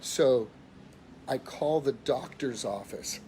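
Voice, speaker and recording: A middle-aged man giving a motivational talk, telling a personal story emphatically and dropping quiet when he voices others. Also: mid-range voice, slow, a little hiss or hum. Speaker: motivational speaker.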